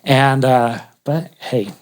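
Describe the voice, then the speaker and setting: A man's voice: medium pitch, slow pace. A man casually telling a personal faith story, humorous and chatty, often restarting his sentences. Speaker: guest sharing a faith testimony.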